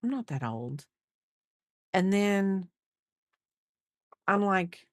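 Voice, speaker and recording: Low-voiced chatty woman in her fifties. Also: slow pace, pauses often, no room sound, studio quality. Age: 50s. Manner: rambling and chatty, thinking aloud with many fillers. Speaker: crochet livestreamer. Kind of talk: casual chat while crocheting on stream.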